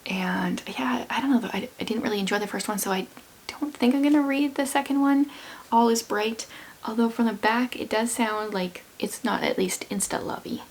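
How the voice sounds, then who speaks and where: A woman with a fairly high voice and a gravelly, fry-edged texture talks through her current reads. She is hoarse from losing her voice and keeps a chatty, rambling, offhand tone throughout her casual book vlog. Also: moderate pace. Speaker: book vlogger.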